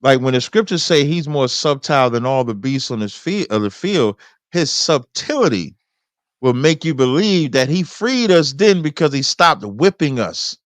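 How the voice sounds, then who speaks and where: A man's voice: mid-range voice, lively intonation, no echo. Man reading scripture in a dry, close sound. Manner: preacherly, slowing for verses. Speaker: host. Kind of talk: debate, reading scripture aloud.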